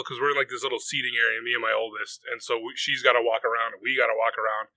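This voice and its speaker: A man's voice: mid-range voice, flat delivery, rapid-fire, sharp tone, dry recording. A man in his thirties on a podcast, telling a rambling story in casual chat, swearing freely and acting out what people said. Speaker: podcast co-host.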